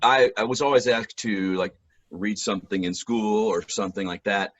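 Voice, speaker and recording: Hoarse husky guy on a video call, telling stories, laughs and clears his throat a lot. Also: fairly low pitch, moderate pace, no room sound, muffled recording. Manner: animated storyteller, laughs and clears throat often. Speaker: guest, musician and voice actor. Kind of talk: casual storytelling chat.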